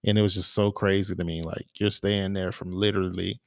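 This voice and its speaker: A man's voice: sits low, flat delivery, a little fast, gravelly, no echo. A man co-hosting a podcast, chatting casually and telling rambling stories with lots of fillers and restarts. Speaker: podcast co-host. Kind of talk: casual chat.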